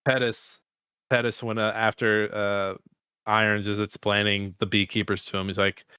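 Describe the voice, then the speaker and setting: A man's voice: lowish voice, level tone, moderate pace, sharp tone, smooth, dry recording. Swearing, laughing man, dry close sound. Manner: swears freely, laughs while retelling scenes. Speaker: podcast co-host. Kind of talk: casual chat.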